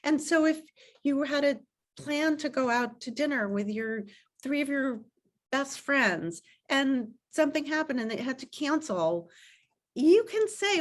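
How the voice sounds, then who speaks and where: A woman's voice: sits high, animated, unhurried. A middle-aged woman, a parenting author and coach, giving earnest advice over a video call and acting out what a parent might say. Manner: earnest, acts out parent and child quotes.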